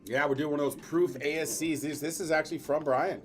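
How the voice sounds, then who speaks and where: A man's voice: a little high, steady tone, fast talker, music in the background. A man hosting a casual livestream, talking straight to viewers and keeping the giveaways moving. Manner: upbeat, addresses viewers directly, keeps things moving. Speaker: livestream host running giveaways.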